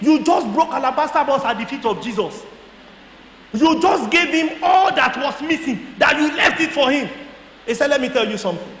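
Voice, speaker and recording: In an echoey hall with a little background noise, a Nigerian guest speaker with a high voice delivers an animated testimony. He tells it as a story, acting out the dialogue and breaking into laughter and shouts.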